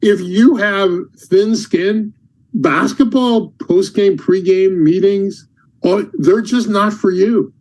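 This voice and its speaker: A high-pitched man hosts a casual podcast chat. He talks in animated bursts, slipping into the voices of yelling coaches as he tells his stories. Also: takes it slowly, rough recording. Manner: animated storyteller, acts out shouting coaches. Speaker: podcast host and basketball coach.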